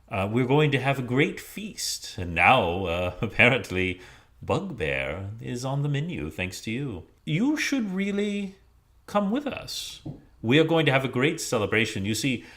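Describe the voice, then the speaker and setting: A man voicing a cold, scheming female drow leader who speaks slowly and quietly. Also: mid-range voice, pitched above the performer's own voice.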